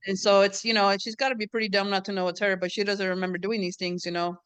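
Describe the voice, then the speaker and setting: A woman's voice: mid-range voice, level tone, quick pace, fairly bright tone, smooth, dry recording. A woman who grew up on the border, hosting an author event in a room, chatting casually and joking with the audience while switching between English and Spanish. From US-Mexico border region. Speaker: event host and professor.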